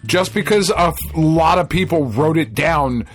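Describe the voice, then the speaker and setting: A man's voice: fairly high pitch, normal speed, faint music behind. A man co-hosting a casual gaming podcast, a crude, joking storyteller who swears heavily. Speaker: podcast co-host.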